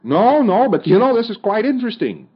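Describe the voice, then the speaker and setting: A groggy, bewildered fellow , acted out by a lecturer drawls in a higher, lighter voice. He sounds curious, as if he has just drifted out of his body. The sound is dull and muffled, like old lo-fi tape. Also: very animated, brisk, breathy edge, full character voice. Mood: dazed, curious.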